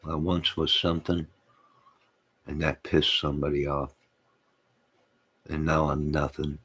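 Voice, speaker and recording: A man's voice: extremely low pitch, little pitch movement, measured pace, fairly bright tone, slightly rough. A man hosting his own channel, rambling to his live chat, reading out comments and laughing to himself. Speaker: channel host.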